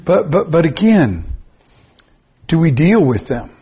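A man preaching a sermon, emphatic and repetitive, with sudden high-pitched rises. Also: sing-song, unhurried, warm tone, breathy edge. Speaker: pastor.

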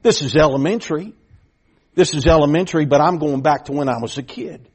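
A man's voice: fairly high pitch, fairly quick, slightly rough. A middle-aged man preaching a sermon, telling a folksy story with repeated starts that builds to emphatic points.

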